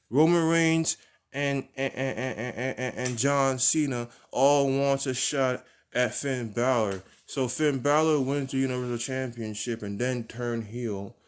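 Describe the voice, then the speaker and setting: Speaking at a measured pace, a man with a smooth, medium-pitched voice and fairly even intonation lays out a wrestling storyline of his own invention. The fantasy-booking monologue rambles, full of restarts and repeated words.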